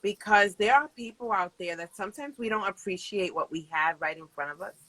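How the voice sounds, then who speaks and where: A woman's voice: medium pitch, fairly quick, sharp tone, low-quality recording. A woman hosting a casual interview, encouraging her guest with affirming comments. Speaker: host.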